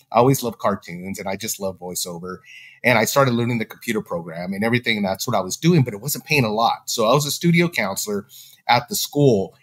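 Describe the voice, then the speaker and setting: A man telling a story in casual talk, acting out the voices of the people he quotes. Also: medium pitch. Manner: animated, acts out quoted dialogue. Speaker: podcast guest.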